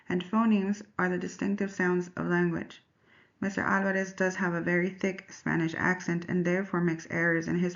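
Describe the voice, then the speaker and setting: Woman, low gravelly voice, measured scripted student presentation, dull lo-fi audio. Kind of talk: scripted class presentation narration.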